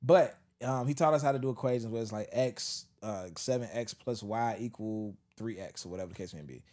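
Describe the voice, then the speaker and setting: A man's voice: on the low side, fairly quick, darkish tone. A man co-hosting a casual podcast, telling stories and acting out quotes, laughing often. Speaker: podcast co-host. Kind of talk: casual storytelling chat.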